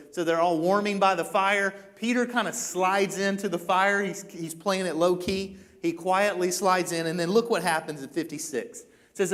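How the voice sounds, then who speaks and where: High-voiced animated man preaching. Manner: animated storytelling, acting out quoted lines. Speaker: pastor. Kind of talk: sermon. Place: church.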